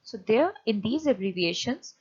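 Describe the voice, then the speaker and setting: A woman teacher giving a lecture on punctuation, often pausing and restarting as she explains. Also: on the high side, expressive, a little mellow, husky, lo-fi sound. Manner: hesitant, many fillers and restarts while explaining.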